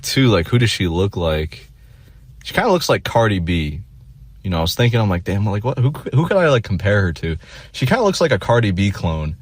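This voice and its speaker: Young man, deep-pitched voice, rambling self-deprecating storytelling, casual vlog, dry close mic. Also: no echo. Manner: rambling and self-deprecating, with many fillers and restarts. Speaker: vlogger telling a story.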